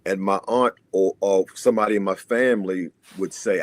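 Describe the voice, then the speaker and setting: A man's voice: on the low side, moderate pace, a little mellow. An older man, a guest, telling his personal recovery story in an earnest, reflective way.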